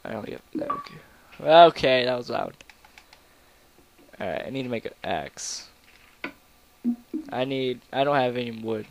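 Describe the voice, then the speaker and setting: A young man chats through a video game session, rambling and joking, and now and then bursts out loud. His voice sits at an ordinary pitch. A faint hiss runs under the recording. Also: animated, a little slow, vocal fry, pauses often. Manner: rambling, goofy, sudden loud outbursts. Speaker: gameplay commentator. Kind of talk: casual gaming commentary.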